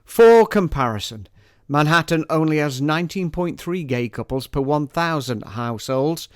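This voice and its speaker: A man's voice: fairly high pitch, animated, normal speed, no echo, studio quality. A man reading his own poem aloud, with mock-formal, provocative commentary around it. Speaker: poet. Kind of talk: spoken-word poetry reading with commentary.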